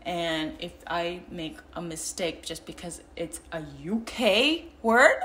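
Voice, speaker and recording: A woman's voice: fairly low pitch, unhurried, hardly any pauses, a bit bright. A young woman vlogging in casual chat with a mild American accent, rambling with many fillers and restarts.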